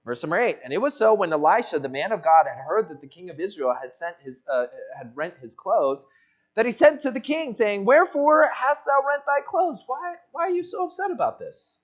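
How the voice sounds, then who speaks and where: A man's voice: high voice, very animated, a little fast, muffled recording. A male pastor preaching an expository sermon, who acts out the voices of the people in the story. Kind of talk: expository sermon with acted-out dialogue. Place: church sanctuary.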